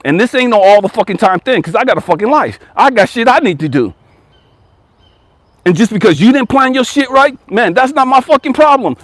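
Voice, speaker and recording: A man in his forties talks straight and profane as a life coach. His pitch sits high for a man and swings widely, and the recording is dry and close. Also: very animated, fairly quick, fairly bright tone, no room sound. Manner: blunt, profane, emphatic. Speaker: life coach and channel host. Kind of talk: casual motivational monologue.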